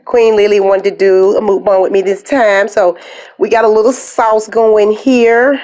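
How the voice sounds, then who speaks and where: A woman's voice: mid-range voice, fairly even intonation, darkish tone. Woman host of a casual mukbang, upbeat and chatty, mid-range voice. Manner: upbeat, drawn-out phrases with a lot of "okay, guys". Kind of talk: casual chat to camera.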